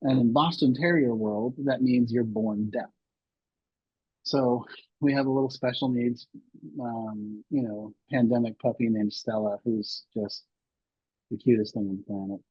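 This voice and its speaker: A man's voice: mid-range voice, steady tone, measured pace, husky, no room sound, dull audio. A man in his sixties telling personal stories as a podcast guest, rambling with many restarts and fillers. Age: 60s. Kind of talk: candid interview storytelling.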